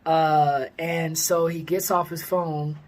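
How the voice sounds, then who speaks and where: A man in his thirties from the Sacramento area of California, casually telling a personal story with lots of fillers and lively quoted dialogue. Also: on the high side, slow. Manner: rambling, heavy on fillers, lively when quoting others. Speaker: vlogger.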